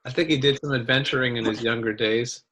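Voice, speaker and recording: A man's voice: mid-range voice, fairly even intonation, fast talker, pushed and bright. A man playing a tabletop game, talking casually and laughing easily. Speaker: player.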